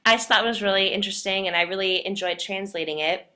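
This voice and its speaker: A woman's voice: medium pitch, fairly even intonation, quick pace, pushed and bright. A young woman presenting to a class, explaining points in an earnest way and leaning on the word "definitely". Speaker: student presenter.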